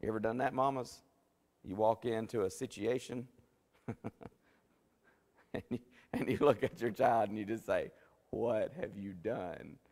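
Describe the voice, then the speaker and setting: A man's voice: lowish voice, normal speed, pauses often, darkish tone. A man teaching a Bible study in a church, folksy and conversational with many restarts. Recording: long church hall reverb.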